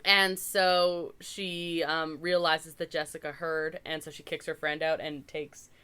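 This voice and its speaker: A woman's voice: sits low, flat delivery, unhurried, fairly bright tone, clear, resonant tone. A woman from Canada co-hosting a podcast, chatting casually as she recaps a movie, with lots of "like" and wry asides. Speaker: podcast co-host.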